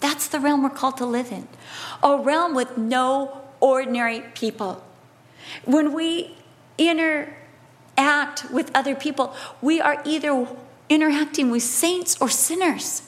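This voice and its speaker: A woman preacher delivering a sermon, expressive and emphatic, with humorous conversational asides. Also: sits high. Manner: expressive, swings between emphatic and hushed delivery.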